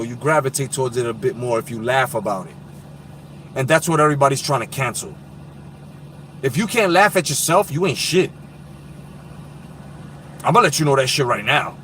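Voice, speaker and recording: A man in his thirties of Puerto Rican heritage hosts a casual boxing live stream, speaking bluntly and profanely in streetwise slang. His voice is a little high and a bit bright, with a slight hiss or hum in the audio.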